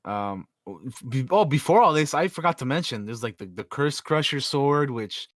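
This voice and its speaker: A man's voice: medium pitch, expressive, normal speed, no echo, clean studio sound. A man co-hosting a podcast in casual chat, laid-back and slangy, stretching words for emphasis. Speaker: podcast co-host.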